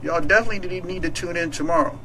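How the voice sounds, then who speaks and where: A man's voice: sits high, very fast, sharp tone, a little hiss or hum, rough recording. A man hosting a talk radio show, chatting casually and playfully with many fillers and restarts.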